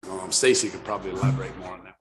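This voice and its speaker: A man's voice: sits low, little pitch movement, very fast. A man serving as a selectman at a town board meeting, speaking in a plain, conversational way. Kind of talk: public meeting discussion. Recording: echoey meeting room with noise.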